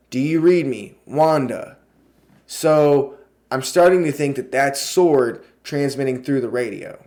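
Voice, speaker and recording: A man giving a casual video review of a TV show, excitable, swearing freely and filling his talk with fillers. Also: a little high.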